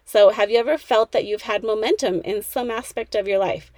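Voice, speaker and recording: A woman's voice: medium pitch, fairly quick, darkish tone, dry recording. A woman in her thirties hosting a motivational podcast, talking in a peppy, chatty way straight to the listener. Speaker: podcast host.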